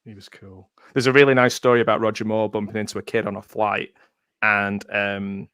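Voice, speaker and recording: A man's voice: fairly low pitch, little pitch movement, brisk, a bit bright, clear, resonant tone, no echo, clean studio sound. A man co-hosting a movie commentary stream, chatting casually and laughing often. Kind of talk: casual chat.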